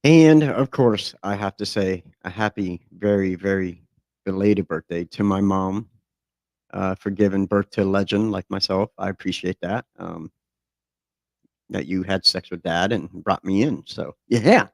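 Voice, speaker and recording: A middle-aged man with a low, gravelly voice hosts a podcast, joking crudely and swearing freely. His talk is loose and filled with ums and uhs. The sound is close and dry. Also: measured pace, no room sound. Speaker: podcast host. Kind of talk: casual, crude chat.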